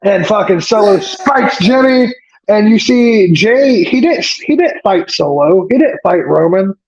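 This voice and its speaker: A man with a high voice recaps a wrestling episode in loose casual chat. He rambles, swears freely and leans on fillers. The recording is dull and lo-fi. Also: animated, a little slow, a little mellow. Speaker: wrestling podcast co-host.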